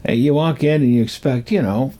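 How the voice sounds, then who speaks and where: An older man telling a rambling personal story from his youth, halting and full of pauses and restarts. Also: mid-range voice, dark tone.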